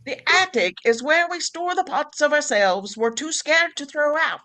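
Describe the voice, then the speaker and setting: A sharp-tongued old grandmother, as a woman reads her letter aloud, pitched well above the reader's own voice and pushed a little louder. She sounds stern and scolding, like a cross storybook witch, yet dry and knowing. Her voice swings widely in pitch. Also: animated, normal speed. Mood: wry, knowing. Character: wry old grandmother writing a farewell letter.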